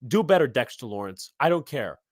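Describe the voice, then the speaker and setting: A man hosting a live sports podcast, ranting heatedly and profanely about his team, his voice swelling loud when angry. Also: mid-range voice, very animated, brisk, no echo, studio quality. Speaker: podcast host.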